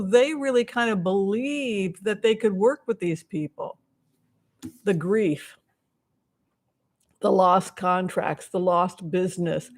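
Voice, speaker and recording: A woman hosting a casual live stream as a tarot reader, chatting in a rambling way with many asides while she answers viewers' questions and thanks donors. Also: medium pitch.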